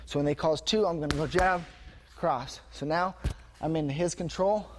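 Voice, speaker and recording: A man teaching striking combinations as a martial arts instructor, demonstrating energetically and marking each punch with a sharp "bang". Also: fairly high pitch, moderate pace. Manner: energetic, punctuates moves with "bang". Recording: noisy gym recording.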